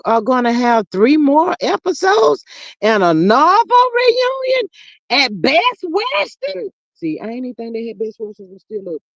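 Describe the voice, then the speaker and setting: Lively, playful livestream host. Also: medium pitch, no room sound, lo-fi sound. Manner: chatty and playful, drawn-out hums and slangy asides. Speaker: livestream host reading viewer chat. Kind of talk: casual commentary.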